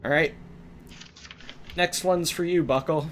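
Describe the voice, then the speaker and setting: A man's voice: a little high, fairly even intonation, unhurried, a bit bright, slight background noise. A man running a tabletop game on a live stream, explaining lore in a loose way with many fillers. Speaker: game master.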